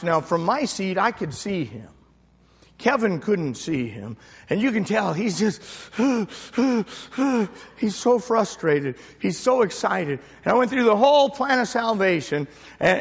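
A male pastor telling a story in a sermon, animated, with big swings from soft to loud, recorded in a church. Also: high voice, husky. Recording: echoey church hall reverb.

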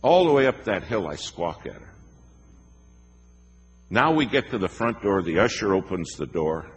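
Deep-voiced preacher in a reverberant hall. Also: male voice, expressive, moderate pace, husky, soft background music. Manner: emphatic, storytelling with acted quotes. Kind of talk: sermon. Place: church sanctuary. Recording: reverberant hall with faint noise.

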